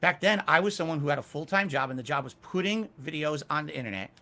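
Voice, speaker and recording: A man's voice: a little high, animated, fast talker, pushed and bright. A middle-aged man answering interview questions candidly, emphatic and self-critical about his past. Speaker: interview guest.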